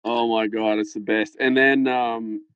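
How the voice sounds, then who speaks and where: A man's voice: on the low side, a little slow, clear, resonant tone, dry recording, dull audio. Swearing man telling a rambling story. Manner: rambling, swearing, animated anecdote. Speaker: podcast guest. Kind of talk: casual storytelling. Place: farmhouse. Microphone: phone held close to head.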